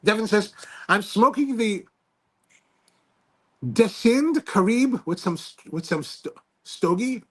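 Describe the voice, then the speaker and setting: A man's voice: sits high, expressive, slow pace, pauses often, a bit bright. A man hosting a live stream, rambling casually and self-deprecatingly while reading viewer comments aloud. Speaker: livestream host.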